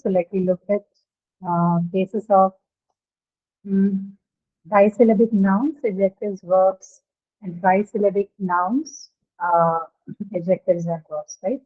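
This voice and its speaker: Woman lecturing over tinny audio. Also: mid-range voice. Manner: explanatory, often ends points with "right?". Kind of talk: online lecture.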